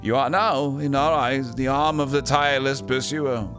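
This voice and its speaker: A man's voice: medium pitch, normal speed, music in the background, pitched above the performer's own voice, lightly acted. A man voicing a solemn older male temple lector in a computer role-play game, speaking in grave, formal pronouncements. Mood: stern, solemn.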